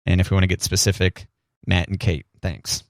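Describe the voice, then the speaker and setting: A man co-hosts a radio show in casual morning banter. His voice sits low and is recorded dry and close, with no room sound. He rambles into joking asides. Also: little pitch movement, brisk, gravelly, no room sound.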